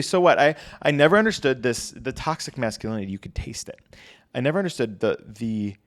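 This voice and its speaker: A man's voice: fairly low pitch, no room sound, studio quality. A young adult man hosting a casual solo podcast, chatty and conversational, with frequent fillers. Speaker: podcast host.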